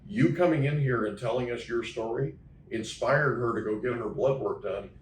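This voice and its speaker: A man's voice: medium pitch, normal speed, a little hiss or hum. A man hosting an interview, telling a story with emphasis and often checking in with "okay?". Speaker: podcast host. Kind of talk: casual interview chat. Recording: echoey room, mic at a distance.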